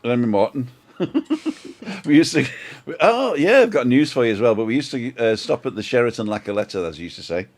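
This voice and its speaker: A man's voice: medium pitch, sing-song, fast talker. A man hosting a casual live-stream chat, jokey and chatty, reading out viewer comments. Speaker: host.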